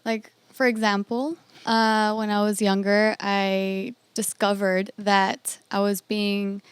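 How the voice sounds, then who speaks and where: A woman in a casual panel chat, speaking softly and hesitantly with many "um"s. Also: mid-range voice, little pitch movement, takes it slowly, smooth, no room sound.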